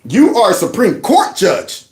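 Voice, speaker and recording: A man hosting a political commentary channel, reacting to clips in an animated, mocking way. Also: high-pitched, unhurried, echoey room. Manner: animated, mocking, mimics others in exaggerated voices.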